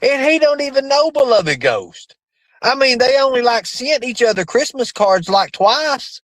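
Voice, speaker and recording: A man streaming live, rambling and swearing. His pitch swings widely, leaping up suddenly before dropping back. The voice sounds dry and close, with no room echo. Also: big pitch swings, unhurried, a bit bright. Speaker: livestream host. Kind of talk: profane rambling livestream chat.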